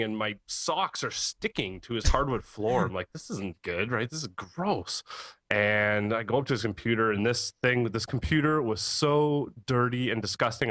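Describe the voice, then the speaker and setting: A man, hosting a late-night tech podcast, telling a story in a casual, animated way with frequent laughs. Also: mid-range voice, a little fast, few pauses, dry recording. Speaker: podcast host, computer repair tech.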